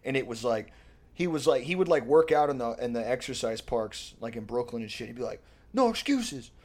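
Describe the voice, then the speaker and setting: A man on a casual podcast, telling stories in a rambling, profane, animated way. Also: medium pitch, a little fast. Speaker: podcast co-host. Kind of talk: casual comedic chat.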